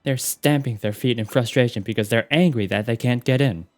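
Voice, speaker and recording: A man hosting a game stream, talking in casual chat with relaxed, chatty asides. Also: mid-range voice, fairly quick, faint music behind.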